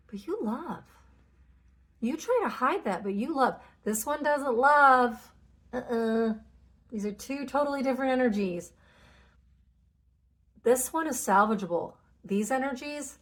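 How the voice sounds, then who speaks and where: A woman's voice: high voice, expressive, measured pace, long pauses. A woman talking casually and candidly about spiritual energies, swearing freely and acting out inner conversations. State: tearful at moments. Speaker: spiritual channel host.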